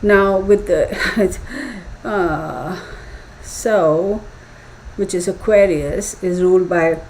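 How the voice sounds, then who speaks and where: A woman's voice: lowish voice, a little mellow, a little hiss or hum, poor audio. A woman giving a live tarot reading, thinking aloud with many fillers and restarts. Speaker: tarot reader.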